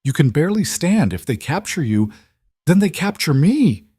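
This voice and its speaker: A man's voice: fairly high pitch, very animated, moderate pace, breathy edge, no room sound, clean studio sound, pitched above the performer's own voice. A man voicing a desperate, protective former inquisitor in a fantasy audiobook, urgent and firm. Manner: urgent, shouting at times.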